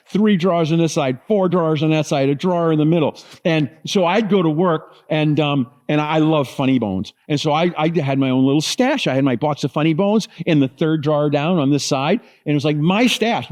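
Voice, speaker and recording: A middle-aged man preaches a sermon in a fairly high voice. He tells loose, animated stories full of asides and little fillers. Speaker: pastor.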